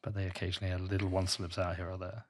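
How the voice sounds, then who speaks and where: A man's voice: low voice, monotone, very fast, a little hiss or hum. A man hosting a podcast interview in a casual, foul-mouthed way. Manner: casual, swears freely. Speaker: podcast host.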